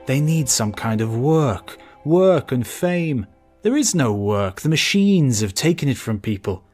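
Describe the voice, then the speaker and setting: A man voicing a bitter, drunken male hitchhiker who talks slowly and slurs his words. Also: medium pitch, big pitch swings, darkish tone, soft background music. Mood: drunken grumbling. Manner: slurred, slow, swallowing syllables.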